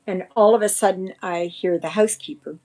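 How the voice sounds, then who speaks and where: A woman's voice: medium pitch, fairly quick, mellow. A woman hosting a casual livestream, rambling in a shaken, indignant way. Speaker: livestream host.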